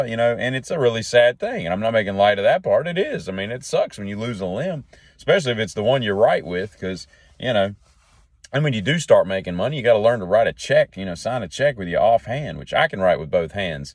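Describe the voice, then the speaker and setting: Male solo host, folksy and tangent-prone, low-pitched, dry recording. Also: big pitch swings, a little fast, dry recording. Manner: jokey, tangent-jumping, folksy. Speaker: podcast host. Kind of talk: rambling solo monologue.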